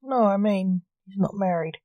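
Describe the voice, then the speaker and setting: A woman's voice: medium pitch, moderate pace, no echo, phone-quality sound, close to an everyday voice. A woman reading the lines of a friendly, helpful young prince in a story, in her own voice. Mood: kindly.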